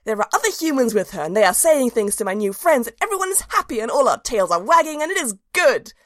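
A woman's voice: fairly high pitch, sing-song, quick pace, dry recording, studio quality. A woman narrating a storybook in the voice of a cheerful, simple-minded little dog, earnest and childlike.

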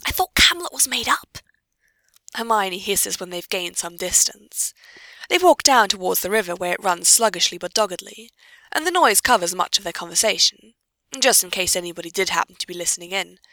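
A woman narrating a story in a steady, even reading. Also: lowish voice, a little fast, no echo. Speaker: audiobook reader.

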